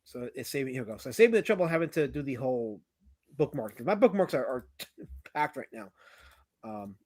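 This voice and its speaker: A man hosting a livestream, teasing his chat and guest in casual banter, swinging from loud outbursts to mumbled asides. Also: medium pitch, very animated, a little fast, dry recording. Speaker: livestream host.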